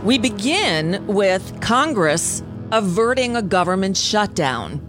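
A woman's voice: mid-range voice, sing-song, slow, fairly bright tone, faint music behind. A woman hosting a talk radio show, giving blunt, sarcastic, conversational commentary on the news.

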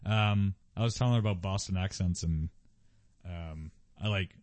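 A man hosting a podcast, laughing often and joking in a drawn-out way on a close studio mic. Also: low voice, a little mellow, dry recording. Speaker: podcast host. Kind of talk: casual comedic chat.

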